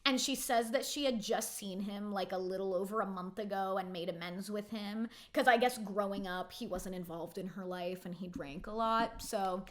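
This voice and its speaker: A woman's voice: medium pitch, normal speed, few pauses. A woman in her twenties giving a casual, opinionated recap of a reality TV episode, filling her talk with "like". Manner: chatty and opinionated, heavy use of "like".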